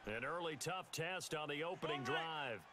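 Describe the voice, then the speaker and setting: A man doing a brisk football play-by-play announcer. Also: on the high side, close to an everyday voice. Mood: upbeat. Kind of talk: recorded sports play-by-play. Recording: game audio with crowd noise. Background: stadium crowd.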